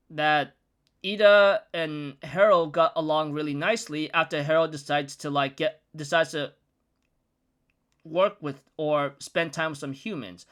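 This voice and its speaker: A man's voice: fairly high pitch, a bit bright, clear, resonant tone. A young man giving a casual, rambling recap of a comic chapter, chatty and full of fillers. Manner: chatty, rambling storytelling with frequent "like". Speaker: manga recap vlogger.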